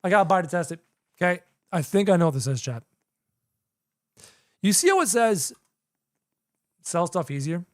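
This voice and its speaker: Young adult streamer, live game commentary, chatty, repeats phrases, lively up-and-down voice, dry close sound. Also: mid-range voice, moderate pace, long pauses, no echo.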